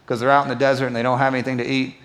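Male pastor, middle pitch, animated conversational preaching, church hall with long reverb. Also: very fast. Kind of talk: sermon. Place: church auditorium.

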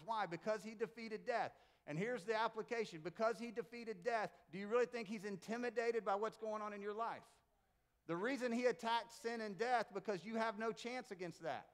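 A middle-aged male pastor who also coaches basketball gives a conversational Easter sermon to his congregation in a church sanctuary. His voice is high and animated, fairly quick, and he tells stories emphatically with jokey asides.

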